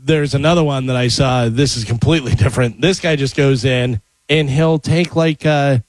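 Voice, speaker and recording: A man's voice: mid-range voice, steady tone, normal speed, no echo. A man co-hosting a radio show, retelling stories in a rambling way with chuckles and filler words. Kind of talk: casual radio chat.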